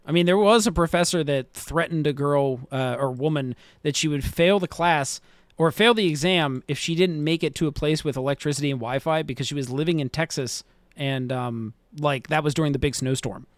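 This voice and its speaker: A man's voice: fairly high pitch, fairly quick, no echo. A man co-hosting a podcast in casual chat, rambling through a recap with frequent laughs and filler words. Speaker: podcast co-host.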